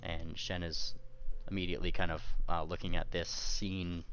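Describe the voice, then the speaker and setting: A man narrating as game master, halting and hesitant, with frequent fillers. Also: deep voice, level tone, fairly bright tone, clear, resonant tone, dull audio. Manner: halting, with many fillers and restarts.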